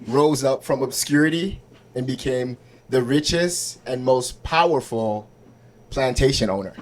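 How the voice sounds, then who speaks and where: A man's voice: medium pitch, measured pace, a little hiss or hum. A man doing a stand-up set at an open mic in a small comedy club, talking conversationally and often checking in with the crowd. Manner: conversational, asks crowd for agreement.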